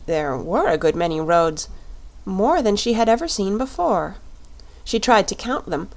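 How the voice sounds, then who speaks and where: A woman reading a children's classic aloud as narrator, with steady, clear storytelling. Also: medium pitch, unhurried.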